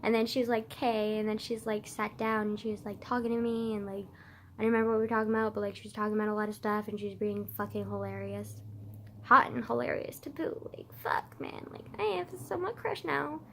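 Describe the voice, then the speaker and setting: Bright-voiced young woman rambling a story. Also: fairly high pitch, fast talker, a little hiss or hum. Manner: rambling, heavy use of "like", swears casually. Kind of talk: casual storytime vlog.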